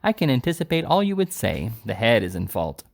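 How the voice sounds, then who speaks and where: A man voicing a complacent young doctor with a smooth, professional bedside manner. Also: mid-range voice, huge pitch swings, fairly quick, heavily acted. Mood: smug. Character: smug young male doctor, falsely soothing.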